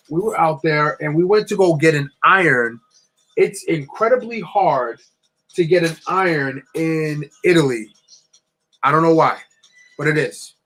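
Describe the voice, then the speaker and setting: A young man from New Jersey telling a long, rambling, animated story while building with bricks. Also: a little high. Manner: rambling, animated anecdote with many restarts. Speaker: LEGO builder streaming.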